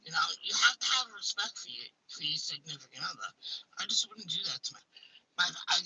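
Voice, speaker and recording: A woman's voice: fairly low pitch, big pitch swings, a little fast, bright, forceful tone, a little hiss or hum, rough recording. A woman chatting casually as a host, blunt and emphatic, swearing freely as she talks. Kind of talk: casual chat.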